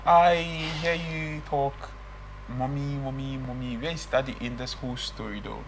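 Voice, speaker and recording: A man's voice: mid-range voice, moderate pace, vocal fry, slight background noise, poor audio. A man hosting a casual interview and asking encouraging follow-up questions. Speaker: host.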